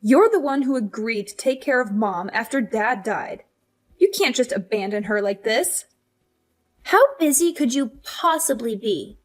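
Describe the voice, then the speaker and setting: A woman's voice: a little high, expressive, measured pace. A woman voicing a self-righteous older sister, a married mother, who nags and lectures in a scripted story drama. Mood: lecturing. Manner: nagging, lecturing.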